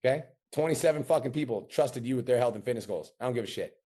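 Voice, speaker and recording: Fast-talking, profane business coach. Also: male voice, mid-range voice, lively intonation, warm tone, slightly rough. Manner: profane, blunt, pep-talk intensity. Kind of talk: coaching call.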